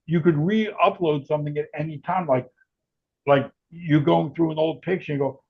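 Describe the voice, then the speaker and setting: Man, interview guest, gravelly, husky, rambling explanation, dull lo-fi audio. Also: a little high, fairly even intonation, normal speed. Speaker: guest, tech founder.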